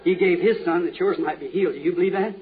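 A man's voice: high-pitched, fast talker. A man preaching a healing revival sermon, fervently putting questions to the crowd again and again. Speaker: evangelist preacher. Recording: tinny lo-fi old tape.

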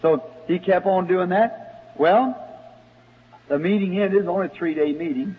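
Folksy preacher, tinny old recording. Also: male voice, high-pitched, normal speed, slightly rough. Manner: folksy storytelling preacher, rises to excited shouting. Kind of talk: sermon storytelling. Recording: tinny lo-fi old sermon recording in a reverberant hall.

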